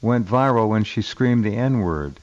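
A man's voice: lowish voice, lively intonation, measured pace, a little mellow, no room sound, highs cut off. A man hosting a talk radio show, speaking bluntly and stumbling over the first words of his sentences. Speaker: radio host. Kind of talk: casual talk radio chat.

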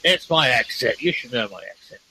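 A man's voice: mid-range voice, animated, brisk, sharp tone, husky, no room sound, rough recording. A man hosting a casual discussion, eagerly explaining clips and often restarting his sentences. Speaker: host presenting reversed speech clips.

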